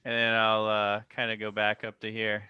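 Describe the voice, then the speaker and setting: A man's voice: fairly low pitch, monotone, normal speed, smooth, dull audio. A man playing a tabletop role-playing game, casually describing what his character does. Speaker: player.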